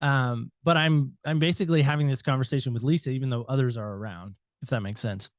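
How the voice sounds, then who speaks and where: A middle-aged American man, a podcast guest, telling a personal story with animated reenacted dialogue and "so anyway" asides. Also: mid-range voice, fast talker, dry recording, clean studio sound. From United States.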